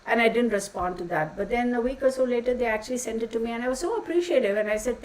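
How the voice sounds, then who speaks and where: A woman's voice: fairly high pitch, animated, quick pace, hardly any pauses, far from the mic, low-quality recording. A woman talking casually to her channel, blunt and exasperated, swearing now and then and using folksy insults. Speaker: channel host. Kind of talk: casual ranting vlog.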